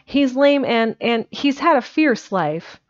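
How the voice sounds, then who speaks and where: A woman's voice: high-pitched, animated, takes it slowly, lo-fi sound, voice pushed up. Woman doing a stammering, pleading little boy. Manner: pleading, stammering, rustic speech. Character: eager earnest young orphan boy.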